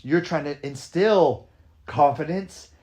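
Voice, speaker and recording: A man talking casually as a podcast host and dance coach, energetic and emphatic, often asking "right?" and swearing now and then. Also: a little high, slow. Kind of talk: casual conversation.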